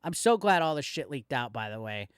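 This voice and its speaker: A man's voice: mid-range voice, very animated, brisk, a little hiss or hum. A man hosting a commentary video, ranting angrily and swearing constantly as he speaks directly to a rival. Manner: profane, heated ranting addressed straight at a rival. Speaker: commentary channel host. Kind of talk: angry reaction commentary.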